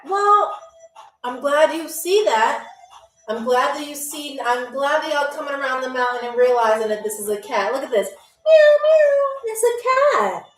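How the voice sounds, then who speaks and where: A woman's voice: sits high, fairly bright tone. A woman hosting a live-stream game show, chatting with viewers in a playful, teasing, sarcastic way. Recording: echoey room.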